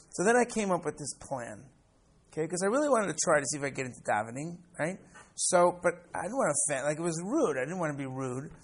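An older man from the United States leads a class, telling stories with lots of energy and a slightly high voice. He often trips into repeated words and keeps checking in with his listeners. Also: breathy edge. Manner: animated storyteller, repeats words, keeps asking "right?". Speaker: rabbi teaching a class. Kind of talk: classroom lesson with personal stories.

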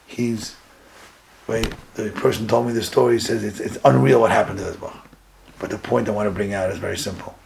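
A man giving a sermon as a rabbi, retelling a story dramatically, his voice jumping higher at key moments. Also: fairly even intonation, a little fast, creaky, a little mellow, a little hiss or hum, low-quality recording.

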